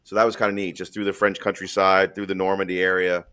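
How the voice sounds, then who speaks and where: A lower-pitched man hosting a live stream and talking casually. He rambles through his stories bluntly and swears freely, in an easygoing, unscripted chat. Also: flat delivery, quick pace, sharp tone, smooth. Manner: blunt, profane, rambling storyteller.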